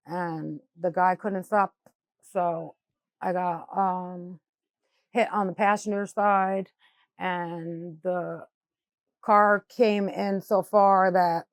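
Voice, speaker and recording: A woman's voice: medium pitch, no room sound. A middle-aged woman from New York State, a mother giving a documentary interview, speaking candidly and in plain everyday words, with frequent "like" and "you know" fillers. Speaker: mother of a crash victim.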